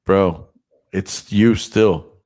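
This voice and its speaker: A man's voice: deep voice, very slow, darkish tone. Stuffed-up, swearing man in casual chat. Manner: profane, joking, teasing. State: stuffed-up nose. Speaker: podcast host and DJ.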